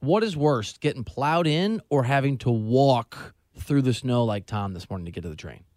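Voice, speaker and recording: A man's voice: medium pitch, expressive, moderate pace, a little mellow, no echo. A middle-aged man hosting a sports talk show, chatting casually with sarcastic, self-mocking humor. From Southern California.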